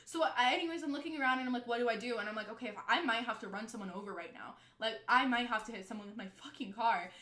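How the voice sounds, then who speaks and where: A young woman telling a story from her own life in casual storytime style, animated and swearing freely as she quotes the people involved. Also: a little high, quick pace, few pauses, echoey room.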